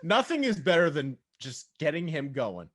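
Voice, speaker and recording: A man's voice: fairly high pitch, sing-song, normal speed, a bit bright. Upbeat male podcast host. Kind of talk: casual podcast chat.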